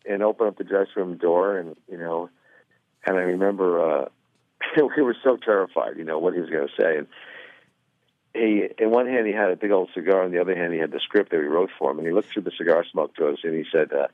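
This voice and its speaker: A man's voice: low voice, fast, no room sound. A middle-aged man, a comedian calling in as a guest, chatting easygoingly with lots of fillers over a phone line. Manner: easygoing, rambling with many fillers. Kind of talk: phone interview chat. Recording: tinny dry phone line.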